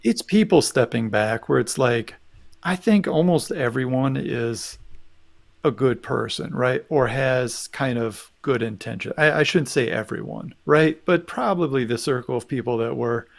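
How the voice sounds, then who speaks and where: A man's voice: mid-range voice, unhurried, gravelly. A man co-hosting a live talk show, speaking thoughtfully and often checking in with "right?". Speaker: podcast co-host. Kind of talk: casual live discussion.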